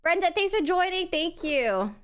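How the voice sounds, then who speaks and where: A woman's voice: very high voice, big pitch swings, moderate pace. A young adult woman streamer chatting casually with her live chat, crying and laughing as she thanks viewers. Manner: tearful, laughing between thank-yous to chat.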